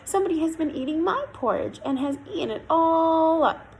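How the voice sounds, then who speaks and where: A woman voicing a small male baby bear in a squeaky, high, quick voice for a storybook tale. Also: animated, slight background noise, low-quality recording. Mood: whiny.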